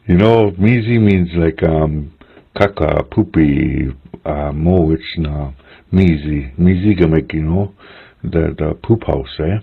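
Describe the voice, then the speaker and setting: A language teacher with a deep, slightly husky voice leads a relaxed spoken lesson, patiently sounding out words slowly, syllable by syllable. He adds chatty asides ending in "eh?", and the audio is narrow and phone-like.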